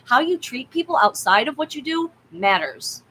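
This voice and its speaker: A woman's voice: high-pitched, sing-song, moderate pace, sharp tone, breathy edge, rough recording. A woman who hosts a tarot livestream, chatting in a candid, rambling way and swearing bluntly. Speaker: tarot reader and livestream host. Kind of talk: casual livestream chat.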